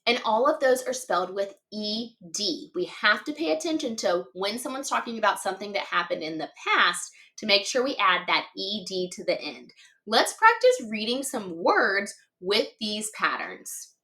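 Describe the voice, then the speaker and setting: A woman's voice: medium pitch, sing-song, moderate pace, bright, forceful tone. A woman teaching a phonics lesson to young children, patiently sounding out letters and words one at a time and encouraging her listeners. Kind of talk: slow, clearly enunciated phonics lesson for children.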